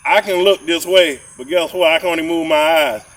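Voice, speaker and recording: Man podcast co-host, a touch high-voiced, rambling and repetitive, a bit off-mic. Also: a little fast, a bit bright, far from the mic, low-quality recording. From southern Georgia, US. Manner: rambling, repeats words, preachy asides. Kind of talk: casual podcast chat.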